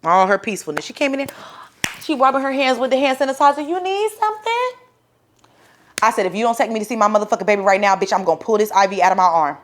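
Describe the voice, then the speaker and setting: A woman's voice: mid-range voice, very fast, a bit bright, a little hiss or hum. A young woman telling a personal story in casual talk, acting out the voices of other people and swearing freely.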